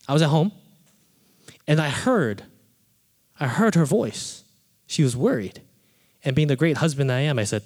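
A man preaching a sermon, telling a personal story with animated delivery and acting out his own quoted thoughts. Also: fairly high pitch. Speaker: pastor. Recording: reverberant hall.

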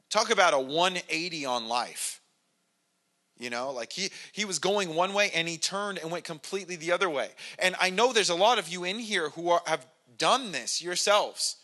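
A man's voice: a little high, normal speed, bright, forceful tone. A man preaching a casual, conversational sermon to his congregation, self-deprecating and full of restarts and acted-out quotes. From Irish family background. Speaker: pastor.

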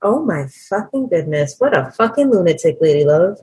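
A woman's voice: on the low side, very animated, moderate pace, warm tone. A young woman co-hosting a podcast, reacting with frequent swearing in casual chat. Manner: reactive, swears, laughs often. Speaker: podcast co-host.

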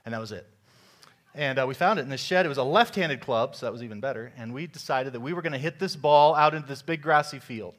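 A young adult man preaching a sermon as a pastor, telling a story with sudden loud emphasis. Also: mid-range voice.

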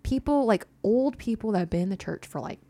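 A woman's voice: medium pitch, animated, fairly quick, dark tone, no echo. A young woman telling a personal story in casual chat, full of "like" and little laughs. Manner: chatty, heavy use of "like", laughs often.

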